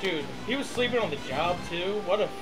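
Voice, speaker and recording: A man's voice: sits high, lively intonation, brisk, fairly bright tone, faint music behind, poor audio. A man playing a video game and commenting casually, flustered, laughing and cursing at the controls. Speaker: game player. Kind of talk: casual let's-play commentary.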